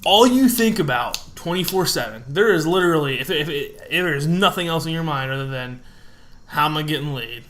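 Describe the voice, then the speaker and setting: Podcast co-host, male, slightly high voice, crude jokester. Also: brisk, few pauses. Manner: crude, joking, animated. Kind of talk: casual chat.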